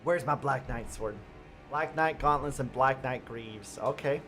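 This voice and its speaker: A man giving chatty live gameplay commentary as a streamer, talking straight to his viewers and breaking into excited outbursts. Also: mid-range voice, measured pace, faint music behind. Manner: chatty, addresses viewers directly. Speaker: gaming streamer.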